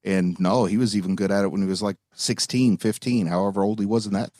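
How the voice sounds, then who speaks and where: A man's voice: fairly low pitch, steady tone, quick pace, a little mellow, no room sound. A man co-hosting a movie podcast, making wry, joking asides in casual chat. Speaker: podcast co-host.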